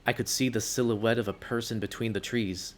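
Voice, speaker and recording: A man reading a story game aloud in the first person, expressive with sudden outbursts. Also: on the low side, brisk.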